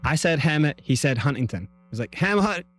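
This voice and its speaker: A man's voice: mid-range voice, brisk, breathy edge. Scottish man telling a story. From Scotland. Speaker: guest. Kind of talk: storytelling interview.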